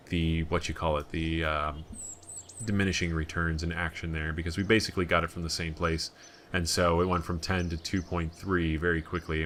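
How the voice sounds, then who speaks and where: A man's voice: sits low, fairly bright tone, slight background noise. An American man giving casual, rambling gameplay commentary with joking asides. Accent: General American. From United States. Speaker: let's play gamer.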